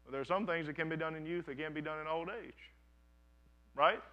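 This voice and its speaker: A man's voice: a little high, steady tone, a little fast, lo-fi sound. A man in his thirties, a pastor, giving a conversational sermon to a congregation and telling stories with frequent restarts. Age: 30s. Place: church sanctuary, before a congregation.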